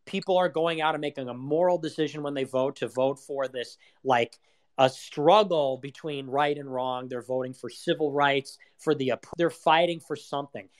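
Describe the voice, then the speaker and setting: A man's voice: medium pitch, moderate pace. A young man hosting an audio chat room, giving a rambling casual political monologue full of rhetorical questions and swearing.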